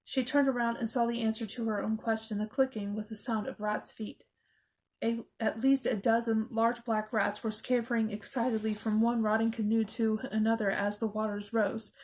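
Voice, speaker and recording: A woman's voice: a little high, little pitch movement, normal speed, darkish tone, poor audio. Woman reading a spooky children's story. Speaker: audiobook narrator. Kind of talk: reading a children's horror novel aloud.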